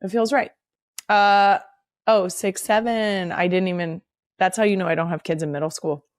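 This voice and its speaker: A woman in her thirties hosts a podcast in a frank, unfiltered way, cursing without hesitation. Her pitch sits right in the middle for a woman. The sound is close and dry, with no room around it. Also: normal speed, dry recording. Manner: blunt, swears freely, animated when reading segments. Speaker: podcast host. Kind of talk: casual podcast chat.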